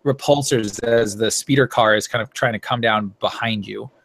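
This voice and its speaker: A man's voice: lowish voice, steady tone, normal speed, vocal fry, fairly bright tone. A man narrating a tabletop game as game master, rambling with many fillers and correcting himself as he goes.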